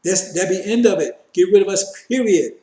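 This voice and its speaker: Male street preacher with a high, mellow voice who hammers points through repetition; roomy echo. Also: lively intonation, a little fast. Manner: repetitive, emphatic, addresses listeners as brothers. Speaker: preacher teaching scripture. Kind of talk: fiery street-style sermon.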